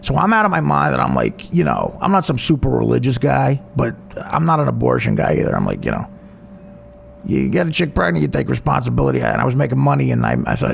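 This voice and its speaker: Gravelly New Jersey man telling stories. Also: medium pitch, wildly swooping pitch, fast, slight background noise. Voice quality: profane, rambling, self-mocking. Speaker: comedian. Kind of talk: personal storytelling.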